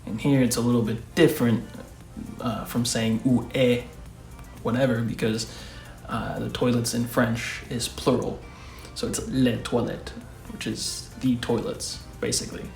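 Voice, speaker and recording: Male host for a casual lesson, unhurried and patient, in a reverberant room with soft music behind. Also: medium pitch, fairly even intonation, creaky. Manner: patient, repeats each phrase slowly. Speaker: language teacher, channel host. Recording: echoey room with faint music.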